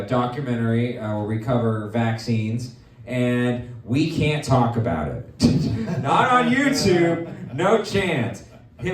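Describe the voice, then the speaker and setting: A man hosting a live comedy show, rambling and joking through quick asides with his guests. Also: mid-range voice, echoey room, recorded from a distance. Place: comedy venue with live audience.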